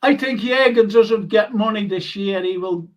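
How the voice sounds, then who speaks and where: A man's voice: high voice, normal speed. An older man hosting a live fan show, telling stories and laughing as he chats. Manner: chatty storyteller, laughs often. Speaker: host. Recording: dull lo-fi stream audio.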